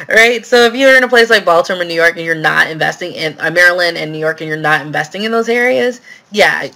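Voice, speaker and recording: A woman's voice: low-pitched, gravelly, bright, forceful tone. A woman hosting a live question-and-answer stream, talking casually with lots of fillers as she answers viewer questions. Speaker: real estate investing host.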